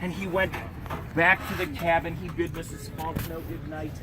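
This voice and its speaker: A man telling an interactive folk tale to an audience at an outdoor event, animated and drawing listeners in. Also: on the high side, normal speed. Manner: animated, teaching the audience gestures and sounds. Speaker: historical reenactor storyteller. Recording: outdoor street and traffic noise.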